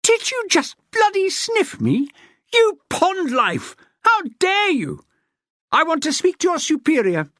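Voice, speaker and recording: A furious woman solicitor shrieks at the top of her voice, swinging wildly through a very high register. Her outrage comes out shrill and spitting. The sound is dry and close. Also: wildly swooping pitch, slow pace, a bit bright, no echo, heavily acted. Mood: screeching. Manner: shrill, screeching, spitting with rage.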